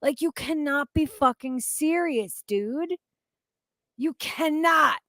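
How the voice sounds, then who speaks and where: A woman reacting to online clips, indignant and swearing heavily, breaking into shouts and laughter. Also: high voice, lively intonation, slow pace, dry recording, studio quality. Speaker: commentary YouTuber reacting to clips. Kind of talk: profane reaction commentary.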